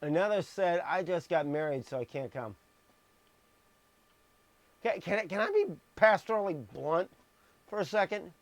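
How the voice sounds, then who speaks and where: Reading scripture on a live stream, a man speaks in a high-pitched voice at normal speed, leaving long pauses. The Bible message comes through a streaming mic with no echo, marked by emphasized words and blunt, sarcastic asides.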